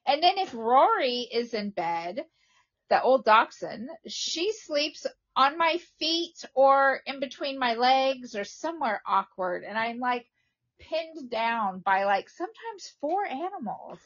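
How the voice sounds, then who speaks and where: A woman co-hosting a casual chat podcast, telling animated stories with lots of exclamations. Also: high-pitched, slow, highs cut off. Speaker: podcast co-host.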